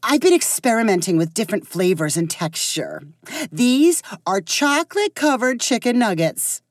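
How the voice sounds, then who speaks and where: A woman's voice: a little high, very animated, normal speed, no echo, clean studio sound, pitched above the performer's own voice. A woman voicing a proud, touchy home baker. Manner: touchy, proud of her creations.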